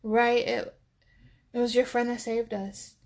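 A friendly young male student in a storybook talks in a plain, easygoing way, read by a woman. The voice sits slightly high. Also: little pitch movement, measured pace, a little mellow.

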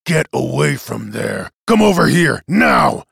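A man voicing a gruff, bossy boat captain who barks orders at his crew. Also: mid-range voice, lively intonation, a little slow, fairly bright tone, dry recording, clean studio sound, exaggerated voice.

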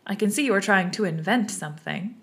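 A woman voicing a fretful, shrill female pigeon in a storybook reading, scolding and scornful. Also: lively intonation, fairly quick, vocal fry, fairly bright tone.

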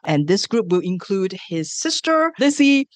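Woman, book reviewer, casual retelling, chatty, filler words, mid pitch, dry sound. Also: very animated, a little slow, dry recording.

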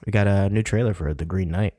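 A man's voice: low voice, fast talker, dark tone, no echo, clean studio sound. Profane, laid-back podcast guy. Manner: profane, rambling, laughs often. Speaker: podcast co-host. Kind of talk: casual chat.

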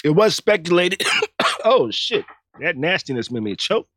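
A man's voice: fairly high pitch, big pitch swings, unhurried, fairly bright tone, no echo, studio quality. A man hosting a casual podcast from his home, chatting in slang and laughing often. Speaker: podcast host. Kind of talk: casual chat.

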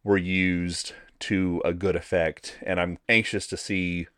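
A man with a very low voice talks through a film in a casual review chat. He is relaxed and often restarts his words. The sound is dry and close. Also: takes it slowly, clean tone, no room sound. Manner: relaxed, repeats words while thinking. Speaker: podcast co-host.

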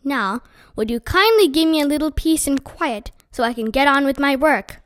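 A woman's voice: sits high, lively intonation, moderate pace, no room sound, studio quality. A woman reading a curt, irritable father. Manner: curt, firm. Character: irritable father trying to work.

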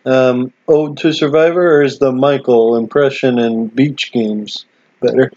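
A man co-hosting a podcast in casual chat, relaxed and teasing, often answering briefly. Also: mid-range voice, a little slow, dry recording, muffled recording. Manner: relaxed, teasing, short agreements. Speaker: podcast co-host.

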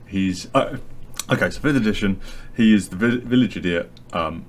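A man telling a lively anecdote as a podcast guest, acting out his friends' lines. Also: on the low side, normal speed, slight background noise. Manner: animated storyteller, acts out friends' lines.

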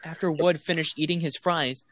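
A man's voice: fairly high pitch, fairly even intonation, a little fast, fairly bright tone. A young man, a podcast co-host, rambling through a funny story in casual chat, quoting his friends and often breaking into laughter. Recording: noisy home recording.

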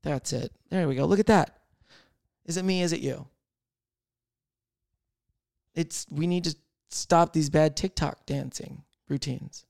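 A man hosting a solo podcast, rambling and thinking out loud in casual chat, swearing freely. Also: on the high side, measured pace, creaky, pauses often, no echo, clean studio sound. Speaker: podcast host.

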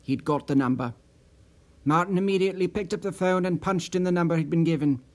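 A man narrating an unabridged audiobook in a measured, expressive storytelling manner. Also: on the high side. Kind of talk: scripted narration.

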